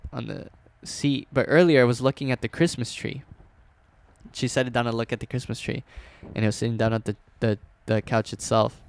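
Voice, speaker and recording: A man's voice: mid-range voice, vocal fry. A young man telling a story in a casual chat, loose and slangy, with plenty of swearing and filler words.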